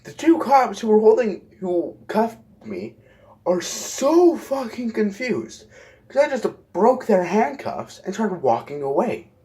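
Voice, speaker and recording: A man's voice: high voice, sing-song, slow pace, mellow. A young man casually telling a rambling story, swearing often and correcting himself mid-sentence. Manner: profane, rambling, self-correcting.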